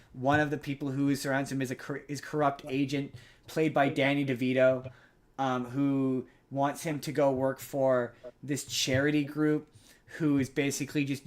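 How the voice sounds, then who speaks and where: Rambling man recapping a movie. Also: medium pitch. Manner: rambling, frequent restarts and fillers. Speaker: podcast host. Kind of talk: casual chat recapping a movie.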